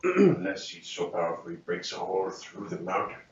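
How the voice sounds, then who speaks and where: Lively low-voiced man at a game table. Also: a little fast, echoey room, far from the mic, muffled recording. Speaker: player. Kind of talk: casual chat at a game table.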